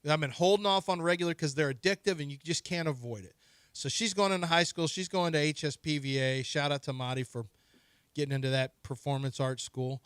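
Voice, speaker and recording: Co-host, man in 40s, highish forceful voice, animated storyteller on a dry studio mic. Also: fairly quick, clean tone, dry recording. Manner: animated storyteller, acts out quotes and gets loud when riled. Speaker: sports radio co-host. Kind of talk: casual radio banter.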